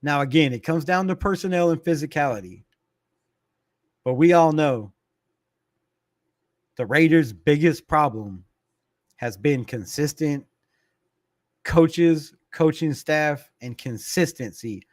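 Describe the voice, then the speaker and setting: A middle-aged man hosts a fan livestream, chatting loosely and reading viewer comments out loud. He laughs easily and curses without a second thought. His voice sits a bit high for a man, and the sound is close and dry with no room around it. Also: slow pace, long pauses, no room sound. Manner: laid-back, reads viewer comments aloud, laughs often, swears. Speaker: fan channel livestream host. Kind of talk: casual livestream chat.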